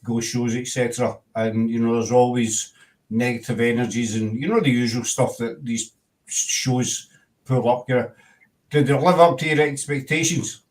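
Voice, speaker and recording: A man's voice: medium pitch, fairly even intonation, moderate pace. A Scottish man hosting a casual chat show, teasing his guests and laughing often. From Scotland. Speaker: host.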